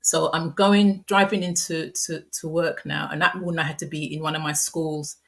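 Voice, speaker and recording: A middle-aged woman with a low voice tells a painful personal story in an interview. She talks softly and haltingly, often pausing and restarting her sentences. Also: steady tone, creaky. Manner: soft, halting, frequent restarts and fillers. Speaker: guest sharing a personal story.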